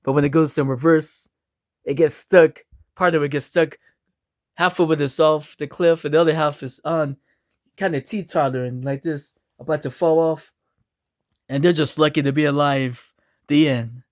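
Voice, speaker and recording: A man's voice: fairly high pitch, dry recording, studio quality. A man telling an improvised spooky, funny story with many restarts and asides. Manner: unhurried, animated, with restarts.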